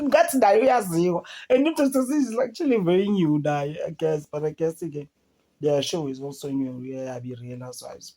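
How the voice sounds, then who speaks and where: A woman with a South African accent giving casual commentary as an entertainment vlogger. She talks in an animated way and mixes English with Zulu. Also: sits low, moderate pace. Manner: chatty, switches between English and Zulu; animated, mimics people in a raised voice.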